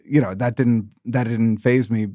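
An American man in his thirties, a former ambassador running for office, answering interview questions in a measured, thoughtful way with frequent restarts. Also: mid-range voice, fairly even intonation, mellow, no room sound, clean studio sound. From United States. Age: 30s. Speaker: political candidate, former ambassador.

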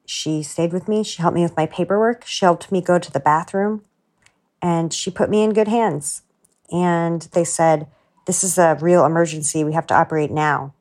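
A woman with a notably low voice recounts a personal story for a podcast. She speaks earnestly and from the heart, often slipping into her own inner thoughts. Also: a little mellow. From United States. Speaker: guest storyteller.

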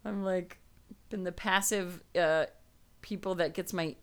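A woman's voice: fairly low pitch, fairly even intonation, unhurried. A woman co-hosting a podcast in casual chat, rambling, laughing and cutting herself off. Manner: laughing, rambling, self-interrupting. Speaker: podcast co-host.

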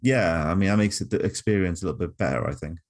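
Low-ish guy doing deadpan fake ad reads on a chill comedy podcast. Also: fast talker. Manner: dry, deadpan delivery of mock ad reads. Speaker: podcast co-host. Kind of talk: casual comedic podcast chat.

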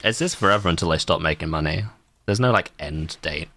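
A podcast co-host in laid-back, deadpan casual chat. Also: deep voice, a little fast, dry recording, studio quality.

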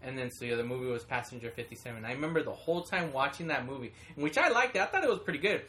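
Man, young adult, casual chat, bright tone, animated storytelling. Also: mid-range voice, very fast. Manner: storytelling with animated quoted voices.

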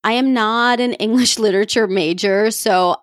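A woman's voice: mid-range voice, moderate pace, dry recording, clean studio sound. A woman hosting a podcast, giving casual self-help advice in a chatty, coaching way, often laughing at herself and talking straight to her listeners. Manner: coaching, addresses listeners directly. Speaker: podcast host.

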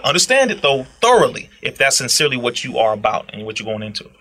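A young man talking in a casual podcast chat, preachy and animated, tagging lines with "bro" and leaping into high exclamations. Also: fast talker. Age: young adult. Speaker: guest speaker.

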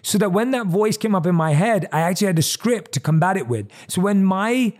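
Male podcast host, warm mellow tone on the higher side, earnest motivational monologue, emphatic repetition, close desk mic. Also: lively intonation, brisk. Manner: earnest, emphatic, repeats key phrases. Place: at his desk. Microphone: desk microphone.

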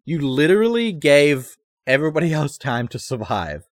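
A man running a tabletop horror game as game master, narrating scenes in a measured, slow way. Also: a little high, sing-song, no echo, clean studio sound.

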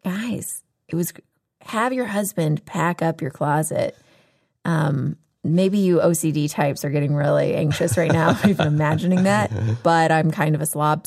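A woman with a notably low voice hosts a casual podcast chat. She is talkative and laughs easily as she tells her stories. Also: darkish tone. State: pregnant, on bed rest. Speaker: podcast host.

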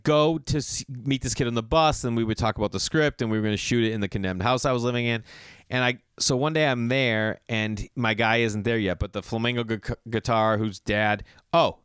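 A man in his thirties telling a long story in a casual, rambling way, full of slang and sudden high-pitched mock voices. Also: clean tone, no room sound, studio quality. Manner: animated, slangy, jumps into mocking high voices when quoting.

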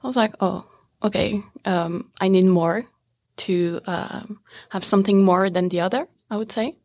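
A young French woman with a French accent, answering interview questions in English in a hesitant, halting way with lots of "uh" and "um.". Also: medium pitch, a little mellow, dry recording, studio quality. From France. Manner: hesitant, halting, laughs easily. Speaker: interview guest. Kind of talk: casual interview chat.

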